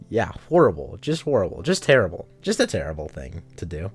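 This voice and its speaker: A young man live-streaming a game, bantering loosely with his chat and cursing offhand. His pitch bounces around a lot as he jokes. Soft guitar music plays faintly behind him. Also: wildly swooping pitch, measured pace, pauses often, slightly rough. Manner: joking, swears casually, banters with chat. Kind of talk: casual live-stream chat while playing a story game.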